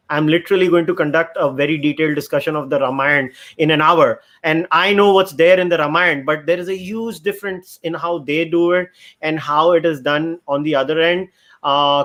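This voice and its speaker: A man hosting a podcast discussion, making earnest points and steering the talk. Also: a little high. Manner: earnest, argumentative. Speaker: podcast host.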